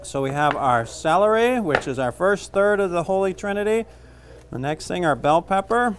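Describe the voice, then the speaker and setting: A man with a slightly high voice teaches a cooking class, chatting casually and cracking jokes as he works. A pan fries and sizzles behind him, with faint background noise. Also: expressive, moderate pace. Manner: casual, joking, talks while cooking. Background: frying and sizzling.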